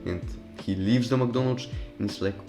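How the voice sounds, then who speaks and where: A man's voice: medium pitch, moderate pace, over music. A young man casually telling a personal story over gameplay, profane and rambling, with loose restarts. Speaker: storytime commentary YouTuber.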